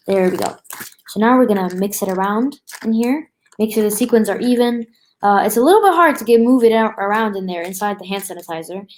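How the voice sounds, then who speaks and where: A woman's voice: medium pitch, a little mellow, slight background noise, rough recording. A woman hosting a craft tutorial at a table, talking casually through each step with many fillers and restarts. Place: indoors at a table.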